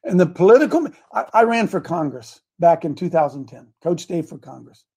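A man with a high, husky, darkish voice delivers a brisk, sing-song sermon laced with politics. He calls for amens, repeats himself, and addresses people in the room directly.

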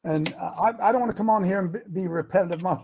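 A man hosting a talk show, giving a folksy, preachy monologue with many restarts that builds to shouting. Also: high-pitched, fast, a little hiss or hum. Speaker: host.

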